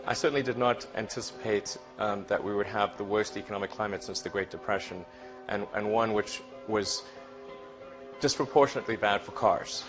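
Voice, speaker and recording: Man, low voice, hesitant, fillers, dull archive sound, music under. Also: brisk.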